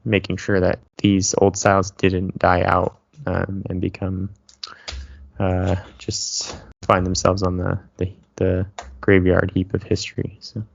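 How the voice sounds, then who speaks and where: Dry-joking low-voiced male co-host. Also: monotone, measured pace, vocal fry, dry recording, highs cut off. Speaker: podcast co-host. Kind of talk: casual chat.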